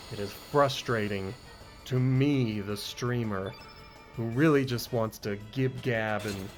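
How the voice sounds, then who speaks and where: A man streaming a game, talking in a laid-back, self-deprecating, casual commentary style. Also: medium pitch.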